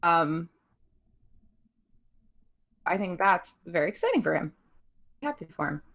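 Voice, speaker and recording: Recapping wrestling on a podcast she co-hosts, this young woman chats loosely, full of ums and giggles, putting on animated voices when quoting. She has a lowish voice and a measured pace.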